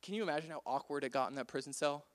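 A young man with a fairly high voice retells a Bible story as casual chat. He keeps it playful and conversational and fills it with "like" and "right?". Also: rapid-fire. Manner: chatty, playful, often says "like".

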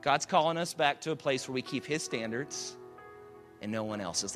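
A male pastor preaching a sermon to a live congregation, building to loud emphatic peaks and dropping low and quiet, with soft music behind. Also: animated, moderate pace. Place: church auditorium with live audience.

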